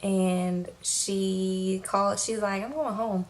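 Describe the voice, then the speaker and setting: A woman giving a casual, animated recap of a TV episode, talking in slangy, lively fashion. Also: mid-range voice, takes it slowly, rough recording. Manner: animated, slangy, acts out quotes. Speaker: TV recap vlogger. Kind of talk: casual recap with acted quotes.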